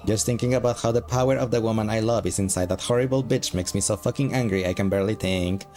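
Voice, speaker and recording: A man voicing a bitter, guilt-ridden male demon soldier who swears constantly in a flat monotone while reading game dialogue aloud. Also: lowish voice, fast, faint music behind, lightly acted.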